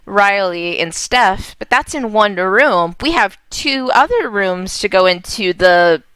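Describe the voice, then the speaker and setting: A woman gaming creator talking casually and excitedly to her viewers. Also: medium pitch, slow pace, clean tone, no room sound. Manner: excitable, gushing. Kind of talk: casual let's play commentary.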